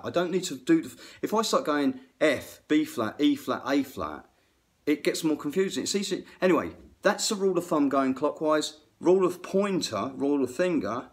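A middle-aged man talks theory straight into his phone camera, rambling and excitable. He cuts himself off mid-thought and jumps between ideas. His voice sits at an ordinary middle pitch for a man. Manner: rambling, excitable, self-interrupting. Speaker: guitar tech and aspiring guitar teacher. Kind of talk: casual music theory vlog to camera.

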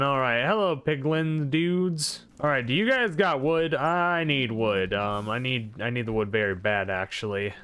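A man giving live commentary over his own gameplay, excitable and full of exclamations and mild swearing. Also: medium pitch, clean tone. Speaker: gaming video creator.

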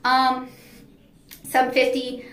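A woman's voice: sits high, completely flat delivery, extremely slow, fairly bright tone. A woman comic artist giving a casual, candid vlog recap from her artist alley table. She talks in a chatty way with frequent "um" fillers and sounds tired. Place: artist alley at an indoor anime convention. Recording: echoey hall with a faint crowd.

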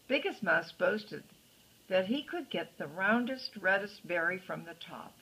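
An older woman reading a picture book aloud to a child, with gentle chatty asides and a husky voice. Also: medium pitch, animated, measured pace, rough recording. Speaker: storyteller grandmother.

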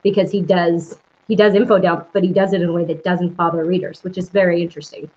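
A woman co-hosting a casual livestream chat, agreeable and quick to laugh. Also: on the low side, little pitch movement, darkish tone, lo-fi sound. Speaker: co-host.

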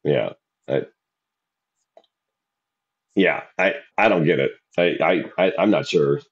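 A man co-hosting a casual podcast chat, telling coaching stories with animated acted-out quotes. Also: very deep voice, takes it slowly. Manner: animated storytelling, acts out quoted shouting. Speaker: podcast co-host and youth football coach. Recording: dull lo-fi sound.

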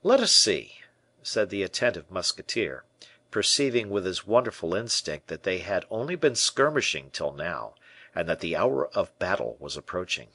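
A man narrating an audiobook in an expressive storytelling manner. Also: low-pitched, moderate pace, slightly rough, dry recording. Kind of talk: scripted narration.

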